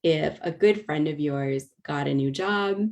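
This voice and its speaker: A woman's voice: sits low, unhurried, darkish tone. A woman presenting an online teaching webinar over a video call mic. She explains patiently, with frequent ums and restarts. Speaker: workshop presenter.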